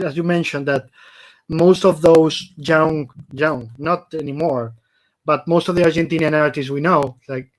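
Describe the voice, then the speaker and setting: A man from Spain hosting a casual interview, rambling with many fillers and eagerly listing names. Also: on the high side. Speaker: interview host.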